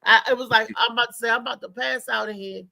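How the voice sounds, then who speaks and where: Animated high bright-voiced woman comedian. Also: quick pace, vocal fry, no echo. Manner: animated, laughing, acts out voices in her stories. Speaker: stand-up comedian guest. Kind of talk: casual chat, comic storytelling.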